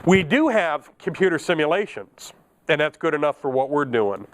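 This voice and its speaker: A man's voice: fairly high pitch, big pitch swings, normal speed. A middle-aged man teaching an electronics class, chatty and joking, laughing at his own asides. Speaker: electronics instructor. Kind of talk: classroom lecture.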